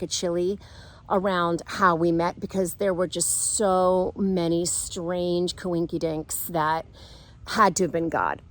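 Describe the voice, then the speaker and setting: A middle-aged woman casually telling a personal story, playful and giggly, acting out quoted voices. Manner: animated, acts out quoted voices with big pitch jumps.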